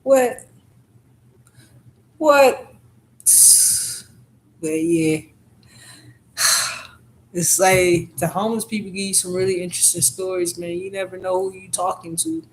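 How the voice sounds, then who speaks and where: A woman's voice: fairly low pitch, slight background noise, low-quality recording. Profane, rambling woman telling stories. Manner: profane, rambling, frequent "you know what I'm saying". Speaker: vlogger. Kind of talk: casual storytelling monologue.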